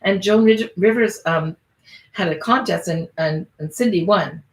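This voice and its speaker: A woman's voice: on the low side, measured pace. Rambling, profane woman comedian host. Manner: rambling, profane, restarts sentences. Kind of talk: casual storytelling chat. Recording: echoey room.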